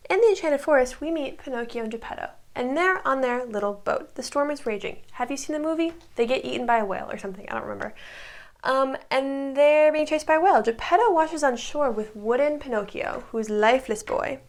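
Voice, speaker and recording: Woman recapper, breezy and chatty, slightly high voice, vocal fry, talks straight to the viewer. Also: fairly quick. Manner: chatty, retells scenes with "he's like" quotes. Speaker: TV recap creator. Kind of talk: casual plot recap.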